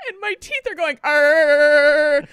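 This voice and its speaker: A woman's voice: sits high, sing-song, a little slow, bright, forceful tone, no echo, clean studio sound. A woman co-hosting a podcast, telling a story in casual chat, often laughing through it and whispering when she quotes others. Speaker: podcast co-host.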